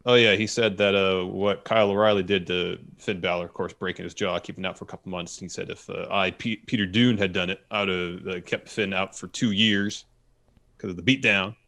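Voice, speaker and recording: A man co-hosting a podcast, chatting quickly and casually about wrestling, often chiming in to agree. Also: sits low, fairly even intonation, vocal fry, fairly bright tone. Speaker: podcast co-host. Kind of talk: casual wrestling recap chat.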